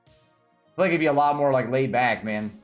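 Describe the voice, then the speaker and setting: A lively, excitable livestream host from Tennessee chats casually in a Southern American accent, laughing often. His voice is mid-range and fairly quick, with highs cut off and soft music in the background.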